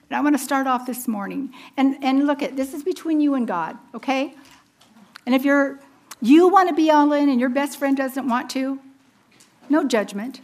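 A woman's voice: high-pitched, gravelly, darkish tone. A woman in her fifties giving a personal testimony sermon, earnest and storytelling, laughing at herself along the way. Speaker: women's ministry speaker.

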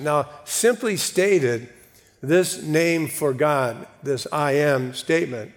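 A man preaching a sermon, reading scripture slowly and deliberately with measured pauses before explaining it. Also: fairly high pitch, long reverb tail. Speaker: pastor.

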